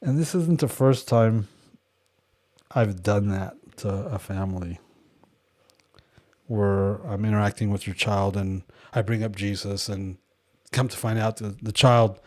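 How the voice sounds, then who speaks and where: Animated man leading a devotional study. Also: lowish voice, unhurried, pauses often. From California. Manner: animated storyteller acting out quoted voices; wry, joking asides. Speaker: Bible study leader. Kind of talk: casual devotional teaching.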